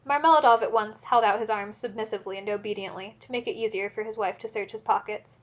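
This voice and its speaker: A woman narrating a classic novel as an audiobook in a steady, measured reading. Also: medium pitch.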